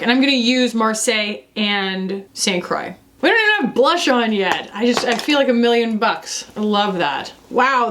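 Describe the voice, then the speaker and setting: A woman, chatting casually and excitedly as she reviews makeup, gushing and gasping often. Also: mid-range voice. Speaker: beauty reviewer.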